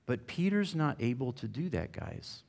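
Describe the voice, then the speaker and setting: A man's voice: medium pitch, sing-song, normal speed, vocal fry, a little mellow. A man giving a casual, conversational sermon, asking the audience questions and using plenty of fillers. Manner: reads a passage aloud with rising emphasis. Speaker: preacher.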